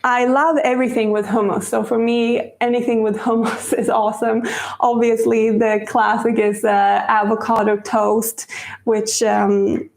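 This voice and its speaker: A woman's voice: on the high side, flat delivery, measured pace, darkish tone, reverberant. A woman hosting a casual live-stream baking demo, chatty and rambling and laughing often. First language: Swedish. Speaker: cooking show host.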